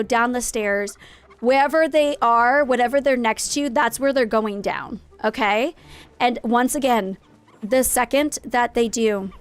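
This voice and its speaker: Woman, game streamer, casual chat, playful mock rants, slightly high pitch, faint music behind. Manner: playful, jokingly dramatic rants, greets chat viewers. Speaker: live-streamer. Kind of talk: casual live-stream chat while gaming.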